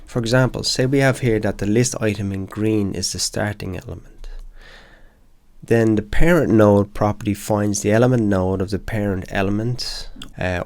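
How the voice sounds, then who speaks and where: A man's voice: fairly low pitch, steady tone, moderate pace, vocal fry, darkish tone, no room sound. A man teaching web development, walking through code examples step by step in a lecture.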